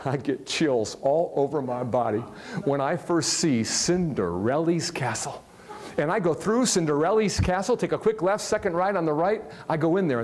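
Man, motivational speaker from Ohio, slightly high voice, lively and joking with the room. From Ohio, USA. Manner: animated, jokey, asks the audience questions. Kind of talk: live motivational talk to an audience. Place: large hall with a live audience.

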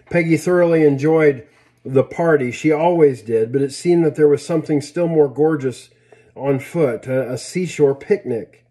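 A man reading a story aloud in a plain, unhurried way with small slips and restarts. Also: on the high side, mellow. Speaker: reader.

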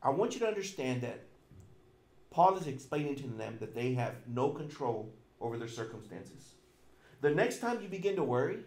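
Middle-aged male pastor, emphatic sermon delivery, slightly high voice, roomy church echo. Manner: emphatic preaching with repetition and sudden loud and soft swings.

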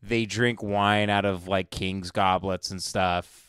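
A man's voice: deep voice, fairly even intonation, slow, fairly bright tone, smooth, dry recording, clean studio sound. A man hosting a live stream, mocking the people in a clip with sarcastic commentary. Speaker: stream host.

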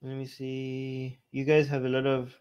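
A man giving sarcastic, animated commentary on scripture, often restarting his sentences. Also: mid-range voice, a little slow, smooth, muffled recording. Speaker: podcast co-host.

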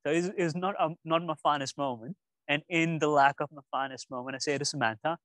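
A young man chats casually with a room of students and tells stories with lively energy. His voice sits at an ordinary middle pitch and the sound is dry and close. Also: moderate pace, no room sound, poor audio. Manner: animated storytelling. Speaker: speaker at a youth session. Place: room with an audience.

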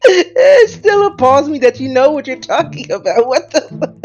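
A man's voice: extremely high pitch, sing-song, normal speed, muffled recording. A young man as co-player in a casual gameplay chat, incredulous and swearing, often breaking into laughter.

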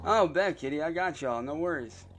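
A young man chatting casually while streaming a car game, loose and swearing, mocking trolls and getting excited over cars. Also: on the high side, moderate pace.

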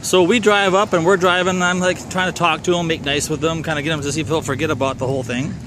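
A man's voice: fairly high pitch, steady tone, quick pace, noisy background. A middle-aged man from Minnesota with a Minnesotan accent, telling a casual personal story in a wry, rambling way that doubles back to correct himself.

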